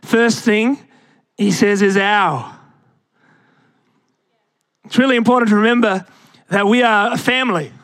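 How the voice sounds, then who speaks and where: A young man preaches to his congregation, his voice sitting high for a man. He takes his time, leaning on rhetorical questions and calling the church to answer back. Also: a little slow, long pauses, a bit bright, no room sound, studio quality. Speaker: pastor. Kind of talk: sermon.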